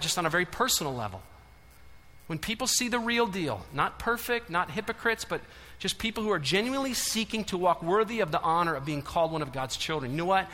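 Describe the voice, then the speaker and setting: A man preaching a sermon to a large church congregation, swinging between loud urging and hushed intensity. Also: high voice, lively intonation, a little fast. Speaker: pastor. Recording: long hall reverb.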